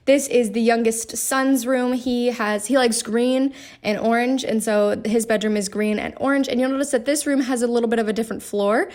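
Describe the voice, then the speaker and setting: A woman's voice: fairly high pitch, steady tone, normal speed, darkish tone. A young woman giving a chatty, rambling voice-over on her game build, with lots of fillers. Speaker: game streamer. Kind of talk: casual voice-over commentary.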